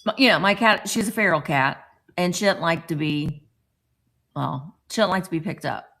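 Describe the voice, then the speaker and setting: A middle-aged vlogger hosts a morning live stream from home, chatting casually and greeting viewers by name. Her voice is lowish and a bit bright, at a normal speed.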